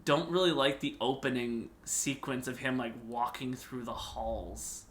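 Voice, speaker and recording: A young man co-hosting a podcast in casual chat, getting excited and rising in pitch when he makes a point. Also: a little slow, reverberant, slight background noise. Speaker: podcast co-host.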